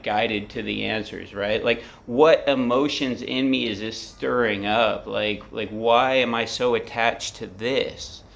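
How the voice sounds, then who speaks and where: Speaking in a mid-range, slightly bright voice, this man in his forties offers candid reflections on his feelings in an apartment-recorded vlog. His talk is rambling, profane, and heavy with fillers.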